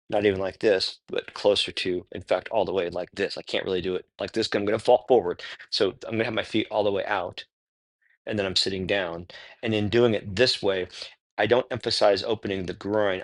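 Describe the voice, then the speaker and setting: Gravelly low-voiced man talking through stretches. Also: no echo. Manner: thinks aloud, self-correcting, grunts with effort. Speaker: stretching instructor. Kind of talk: casual spoken walkthrough of stretches.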